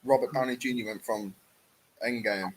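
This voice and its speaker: A man's voice: mid-range voice, steady tone, moderate pace, slightly rough. A man in a casual movie chat, grumbling and making sarcastic asides. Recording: noisy recording with clicks.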